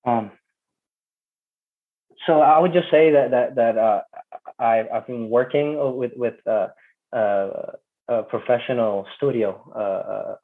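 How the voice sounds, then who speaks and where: Non-native English man, guest, hesitant delivery, mid pitch, tinny call sound. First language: not English. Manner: halting, repeats words while searching for them. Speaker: interview guest. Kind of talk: casual interview talk. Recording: tinny phone-like call audio.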